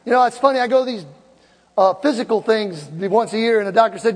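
A woman in her sixties preaches to her congregation in an emphatic, exhorting sermon, breaking into loud laughter and shouts. Her voice is on the high side, with lively intonation and a slightly fast pace, plus a little hiss or hum. The church sanctuary gives a long hall reverb, with the congregation murmuring in the background.

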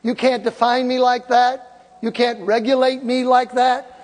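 A woman's voice: a little high, little pitch movement, a little slow. A woman in her sixties preaching an emphatic, exhorting sermon to her congregation. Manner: emphatic, exhorting, breaks into loud laughter and shouts. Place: church sanctuary with congregation. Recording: long hall reverb with congregation murmur.

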